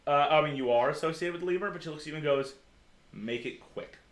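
A man's voice: fairly high pitch, very fast, echoey room. A man running a tabletop game as game master, narrating with lots of filler words. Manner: rambling with many "like" fillers.

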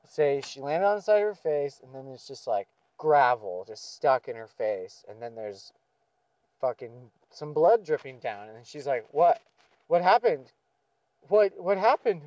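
A man's voice: mid-range voice, expressive, moderate pace, darkish tone, dry recording, lo-fi sound. A man venting in a profane, sardonic monologue, with frequent swearing and sighs. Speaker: vlogger.

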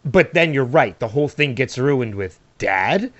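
A man's voice: medium pitch, expressive, a little slow, dry recording. A man chatting casually about a TV episode, laughing a lot and repeating himself as he builds a point. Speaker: podcast co-host. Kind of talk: casual TV recap chat. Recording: dull, lo-fi dry recording.

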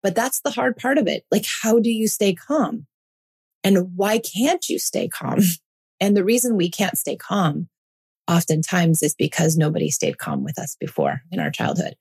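A podcast host in her forties delivers a calm monologue in a slightly low, slightly rough voice at normal speed. She's earnest and reassuring, repeating her points for emphasis.

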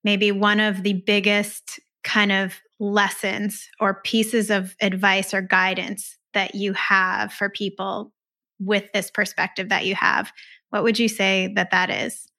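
A woman co-hosting an interview podcast, who affirms the guest softly and asks long, open questions. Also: mid-range voice, flat delivery, takes it slowly. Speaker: podcast co-host.

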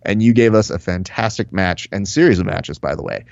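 Male podcast co-host, lively storyteller who mimics people; slightly dull lo-fi sound, dry close mic. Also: low voice, fairly quick, vocal fry, no room sound. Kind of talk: casual podcast chat.

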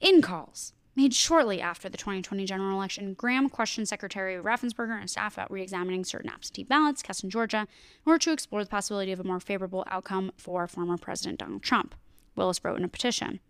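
A young woman co-hosting a podcast in a casual, chatty way, filling her sentences with "like" and tossing in sarcastic remarks as she reads the news. Her voice is smooth and clear. The sound is close and dry. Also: mid-range voice, fast, no room sound. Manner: chatty, sarcastic asides, heavy "like" filler. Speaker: podcast co-host.

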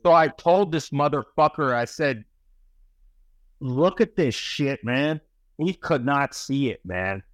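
A middle-aged man with a voice of ordinary pitch tells a story in loose, rambling chat, full of swearing and checking in with "right?" and "bro". The sound is dry and close, with little room echo. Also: lively intonation, slow pace, a bit bright. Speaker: podcast guest. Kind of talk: casual profane storytelling.

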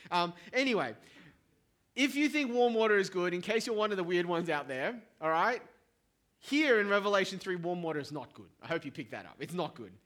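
A middle-aged man delivering a sermon with a fairly high voice. He preaches in a relaxed, conversational way and tells stories with little asides to the people listening. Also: fairly quick. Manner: conversational, animated storytelling with asides to the congregation. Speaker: pastor.

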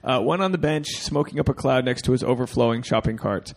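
A man's voice: medium pitch, brisk. A man co-hosting a podcast, reading a listener's email aloud with crude jokes and asides. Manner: jokey, crude asides, gets teary. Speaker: podcast co-host.

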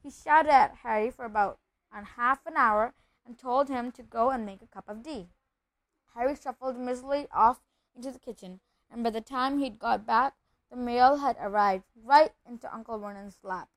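A woman with a fairly high voice reads a children's novel aloud at a steady pace. She sometimes stumbles and restarts a phrase. The recording is dry and close, with no room sound. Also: moderate pace, dry recording, poor audio. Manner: steady reading with occasional slips and restarts. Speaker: reader.

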